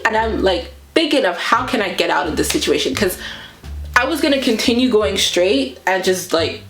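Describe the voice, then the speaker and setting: A woman vlogger recounts a personal story in a casual storytime style, acting out her own reactions. Her voice is at an everyday pitch, and the room around her sounds echoey. Soft music plays faintly underneath. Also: moderate pace. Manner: animated retelling that acts out her own reactions.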